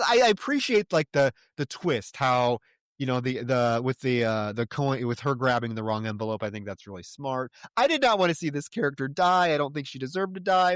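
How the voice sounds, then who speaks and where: A man's voice: mid-range voice, a bit bright, no echo, studio quality. A man co-hosting a podcast, animatedly retelling a film's plot in casual chat with frequent laughs. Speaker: podcast co-host. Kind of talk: casual film discussion.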